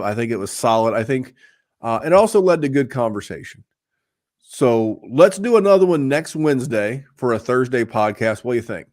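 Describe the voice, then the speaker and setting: A man hosts a casual podcast and rambles through his points, full of fillers and false starts. His voice sits at an ordinary middle pitch, and the recording is close and dry with no room sound. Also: lively intonation, moderate pace, a little mellow, no room sound. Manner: rambling, with many fillers and restarts. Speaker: podcast host.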